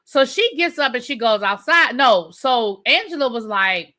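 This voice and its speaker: A woman's voice: on the high side, lively intonation, measured pace, bright, forceful tone. A woman hosting a live TV review, chatting casually with her viewers and repeating phrases for emphasis. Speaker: TV review host. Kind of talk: live recap and rant, casual chat.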